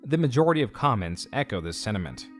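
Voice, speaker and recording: A man reading scripted documentary narration in a measured, critical, even delivery. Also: mid-range voice. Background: faint background music.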